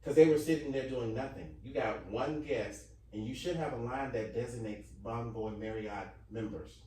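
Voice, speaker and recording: Indignant man, mid pitch, emphatic, distant in a roomy hotel room. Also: normal speed, mellow. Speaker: hotel guest complaining. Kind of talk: casual chat. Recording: roomy sound from far off.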